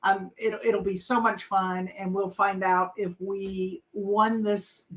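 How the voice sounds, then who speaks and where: A woman's voice: medium pitch, flat delivery, slow, poor audio. A middle-aged woman co-hosting a podcast, chatting casually and rambling with lots of fillers. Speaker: podcast co-host. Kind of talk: casual chat.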